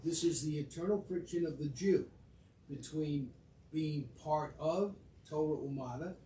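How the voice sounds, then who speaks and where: A man's voice: a little high, a little slow, dark tone, a little hiss or hum. Man, class participant, argumentative interjections, roomy sound, heard from across the room. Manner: interjects, argues back eagerly. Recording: roomy, distant from the mic.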